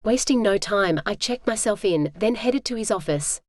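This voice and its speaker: A woman reading a romance audiobook in the first person, smooth and measured, on a close mic. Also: mid-range voice, animated, no room sound. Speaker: audiobook narrator.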